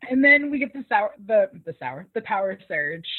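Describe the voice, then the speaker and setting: Woman co-host rambling through a recap, husky, thin phone sound, dead dry. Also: on the high side, dry recording, narrow, tinny audio. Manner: animated, laughing, acts out quoted lines. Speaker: podcast co-host. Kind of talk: casual recap chat.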